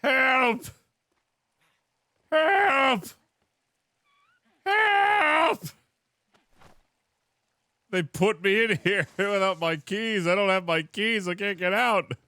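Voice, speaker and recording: A man's voice: high-pitched, normal speed, hardly any pauses, clear, resonant tone, dry recording, studio quality. A man live-streaming a role-play as a ship captain, talking theatrically and calling out for help. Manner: animated, theatrical, shouting for help.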